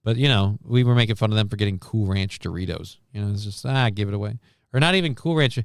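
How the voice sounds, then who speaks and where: Gravelly, wry man hosting a casual news stream. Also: lowish voice, fast talker, dry recording, studio quality. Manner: rambling, sarcastic, profane. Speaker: livestream news host.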